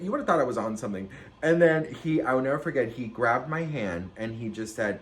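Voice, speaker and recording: A man vlogging a storytime, dramatic and animated, with big jumps in pitch and loudness and a sassy, campy manner. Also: quick pace, slight background noise. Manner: campy, sassy, says "girl" and "okay" a lot. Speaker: celebrity gossip vlogger. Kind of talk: casual storytime chat.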